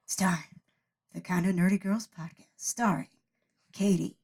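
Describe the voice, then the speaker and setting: A woman's voice: lowish voice, fairly even intonation, normal speed, gravelly, a little mellow, slightly rough. A woman hosting a podcast, chatty and upbeat, with lots of fillers as she talks casually with friends. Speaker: podcast host. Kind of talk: casual chat.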